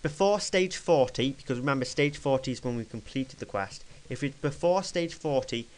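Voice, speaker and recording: A young man talking through a casual screen-recorded software tutorial at his computer desk, chatty and rambling, correcting himself as he clicks along. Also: medium pitch, expressive, normal speed, low-quality recording. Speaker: tutorial maker.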